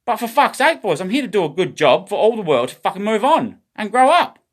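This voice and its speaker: A man's voice: sits high, big pitch swings, brisk. An Australian man livestreaming a rambling, agitated monologue full of swearing.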